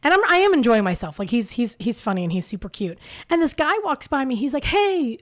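A woman co-hosting a podcast, telling a story in casual chat, animated and swearing freely with lots of fillers. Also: fairly high pitch, fast. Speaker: podcast co-host.

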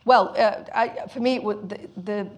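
A woman on a panel talks through her choices as director. She thinks aloud, restarting her sentences as she goes, in an ordinary middle-pitched voice. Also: normal speed. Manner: thoughtful, restarting often. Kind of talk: panel discussion.

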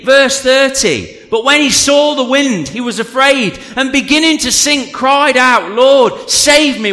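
A man preaching a sermon to a congregation, telling the story with animated energy and then dropping to a quiet, earnest appeal. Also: very high-pitched. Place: church hall. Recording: long reverb of a large hall.

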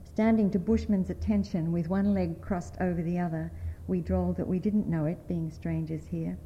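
A woman's voice: lowish voice, lo-fi sound, slight background noise. Woman reading a story aloud. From United States. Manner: measured, expressive storytelling. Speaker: writer reading at a panel.

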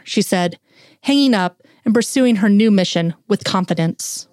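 Woman narrator for a fan fiction reading; steady, mid-range voice, dry and close. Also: medium pitch, moderate pace, dry recording.

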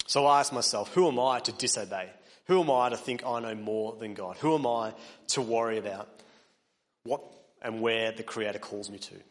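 A man delivers a sermon in a church hall, his mid-pitched voice carrying a long reverberant tail. He preaches earnestly, pushing up to emphatic peaks before dropping back quiet. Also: normal speed. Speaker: pastor.

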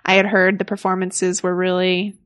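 A woman in her thirties co-hosting a casual film podcast, friendly and quick with asides. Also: lowish voice, completely flat delivery. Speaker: podcast co-host.

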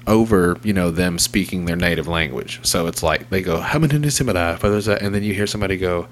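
Man, low voice, casual podcast host, rambling, swears, faint background hum. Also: normal speed. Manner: rambling, profane, wry.

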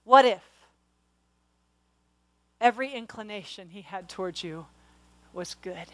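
A woman's voice: medium pitch, unhurried, dry recording, rough recording. Middle-aged woman preacher, fervent and pleading, dry close recording. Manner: passionate, rising to loud exhortation. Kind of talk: sermon.

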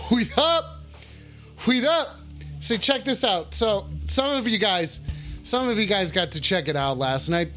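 A man hosting a call-in livestream, swearing a lot and shouting the same catchphrase over and over. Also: high-pitched. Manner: rowdy, swearing, repeats his shouted catchphrase. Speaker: call-in stream host. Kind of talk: profane casual livestream banter.

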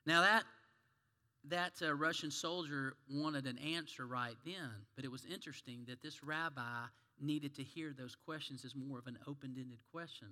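The pastor speaks at a moderate pace in a mid-range voice with fairly even intonation and a sharp tone. Preaching in a reverberant church sanctuary, he tells stories and asks the congregation questions.

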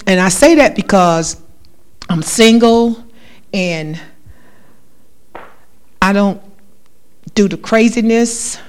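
A woman giving a spoken testimony in church, talking in an emphatic, repetitive, conversational way. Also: lowish voice.

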